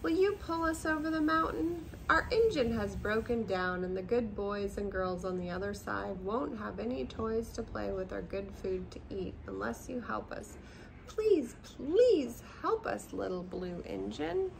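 A woman's voice: medium pitch, animated, a little slow, creaky, slight background noise, low-quality recording. An older woman voicing a group of dolls and toys begging for help in a storybook reading. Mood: pleading. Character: chorus of pleading dolls and toys.

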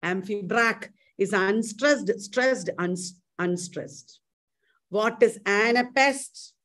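A woman's voice: medium pitch, takes it slowly. A woman with an Indian accent teaching a live-streamed exam coaching lecture, quizzing her students and drilling terms aloud, with Hindi words mixed in. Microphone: live stream mic.

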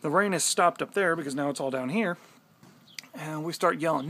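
Gravelly man telling a story. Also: on the high side, fairly quick. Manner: animated, swears freely. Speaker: vlogger. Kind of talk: casual storytelling.

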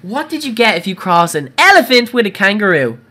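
An Irish woman livestreaming gameplay, giggling often and breaking into excited squeals and shouts. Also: medium pitch, fairly quick. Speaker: gaming livestreamer. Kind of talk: live gameplay commentary.

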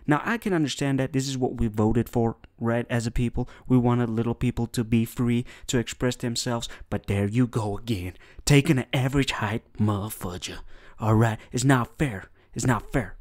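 Man, comedy reaction host, rambling mock-preachy roast, lively swings in pitch, dry close sound. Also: moderate pace, no room sound. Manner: rambling mock-preachy roast, full of "all right?" and "boy". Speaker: host roasting online clips.

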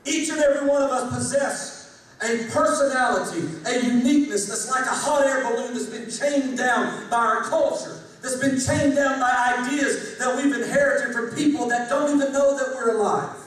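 A man in his forties, a former pastor, speaking to an audience in a rhythmic preaching cadence that swings from loud to hushed. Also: very high voice, moderate pace. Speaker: former pastor giving a talk. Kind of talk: preacher-style speech to an audience. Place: large hall with a live audience. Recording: echoey hall from far off, faint noise.

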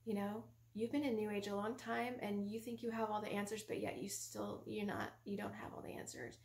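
Woman voicing a calm gentle husband, soft, patient, earnest, roomy echo. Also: medium pitch, brisk, gravelly, lightly acted.

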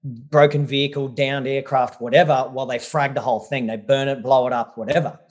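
A man's voice: medium pitch, fairly even intonation, fairly quick. Blunt, swearing man. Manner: blunt, swears freely, says mate a lot. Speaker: guest adventurer. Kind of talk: casual interview storytelling.

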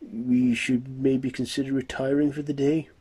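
A man's voice: mid-range voice, little pitch movement, normal speed, dark tone, husky, voice pushed up. Man doing a servile male henchman. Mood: deferential.

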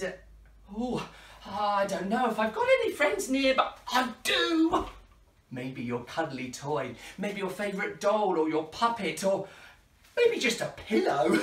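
A woman hosting a children's party show, playful and high-energy with lots of laughter. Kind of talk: lively children's show patter. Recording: echoey room, distant mic, faint music.

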